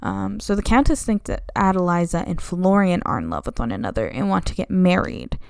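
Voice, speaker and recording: A woman's voice: lowish voice, big pitch swings, fairly quick, gravelly, clear, resonant tone, no room sound, studio quality. A young woman recapping a play's plot in a flippant, sarcastic, casual way. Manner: flippant, sarcastic, slipping into mock voices. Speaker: video essayist.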